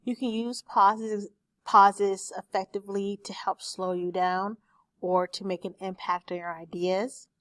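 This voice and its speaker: A woman speech teacher recording a lecture for her class on a desktop microphone, explaining terms slowly with examples. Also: mid-range voice, level tone, a bit bright, no room sound. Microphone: desktop USB microphone.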